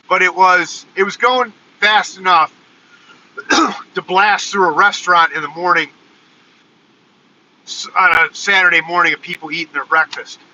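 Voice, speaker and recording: Male vlogger, animated storyteller, bright slightly high voice, dull phone audio. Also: a little hiss or hum. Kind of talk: casual storytelling vlog. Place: in a car, then walking outdoors.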